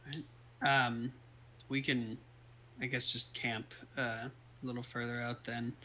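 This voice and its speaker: A man plays a laid-back male adventurer in a tabletop game who talks very slowly. His tone is sharply bright, with many hesitations. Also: mid-range voice, little pitch movement, rough recording. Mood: calm.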